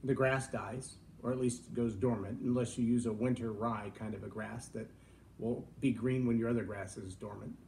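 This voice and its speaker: Folksy Texan man, mellow voice. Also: medium pitch, fairly even intonation, normal speed, creaky, a little hiss or hum. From Texas. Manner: folksy, reflective, jokey asides. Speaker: vlog host. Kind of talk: casual live-stream talk.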